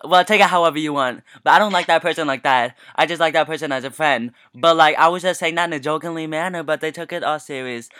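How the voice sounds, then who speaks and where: A man's voice: a little high, fast talker, few pauses, pushed and bright, no room sound, clean studio sound. A young man co-hosting a casual podcast, telling stories in a playful, joking way. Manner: playful, jokey storytelling. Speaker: podcast co-host. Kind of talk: casual chat.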